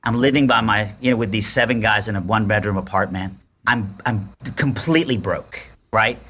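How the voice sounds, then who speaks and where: A man's voice: on the low side, a little fast, a little hiss or hum. A man in his forties telling a personal story on a podcast, acting out the voices of the people in it. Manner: animated storyteller, acts out quotes. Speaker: podcast guest. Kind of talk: storytelling in casual chat.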